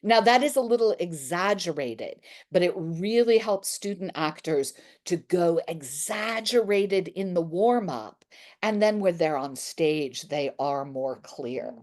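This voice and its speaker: A woman's voice: lowish voice, a little slow. Brief: female drama teacher, upbeat workshop leader, exaggerated consonant drills, call and response. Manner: energetic, exaggerated articulation drills. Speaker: theatre teacher leading warm-ups.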